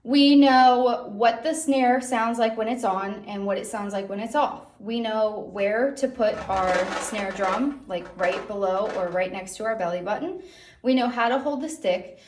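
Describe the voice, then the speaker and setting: A woman's voice: on the high side, measured pace, noisy background. A young woman music teacher giving an online drum lesson for children, encouraging and checking in with a frequent "okay?". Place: music room. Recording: echoey room, drum hits.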